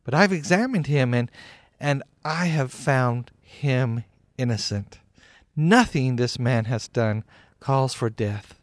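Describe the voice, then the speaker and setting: A weary, cautious governor, as a storyteller puts him on, speaking in a measured, firm voice in a Bible storybook. The sound is dry and close. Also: male voice, mid-range voice, no room sound, close to an everyday voice.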